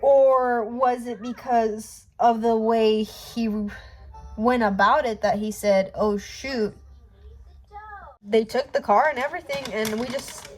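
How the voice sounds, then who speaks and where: A woman family vlogger telling a personal story in a casual, animated way, using slang. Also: on the high side, slight background noise. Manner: animated, emphatic retelling with slang.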